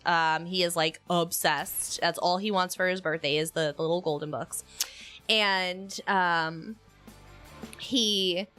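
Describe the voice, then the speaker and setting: A young adult woman chatting casually on a stream, telling animated stories and laughing often. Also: mid-range voice. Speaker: streamer co-host. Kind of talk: casual chat.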